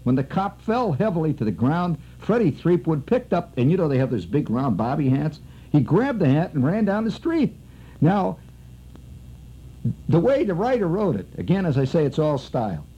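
A man telling a long comic story on the radio in a rambling, wry way, his voice leaping high when excited. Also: normal speed, husky. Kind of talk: animated spoken storytelling. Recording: dull lo-fi old radio recording.

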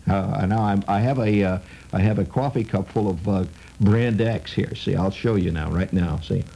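Man, radio host, wry rambling monologue, mellow low voice. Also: moderate pace, vocal fry, slight background noise, rough recording. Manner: wry, digressive, sardonic.

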